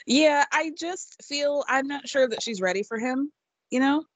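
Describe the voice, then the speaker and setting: A woman in her mid-thirties chats in an easygoing way, laughing readily and stumbling into restarts. Her voice sits at an ordinary pitch. It sounds dry and close. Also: measured pace, dry recording. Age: 30s. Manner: relaxed, laughs easily, hesitant restarts. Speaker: podcast co-host. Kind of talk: casual chat about reality TV.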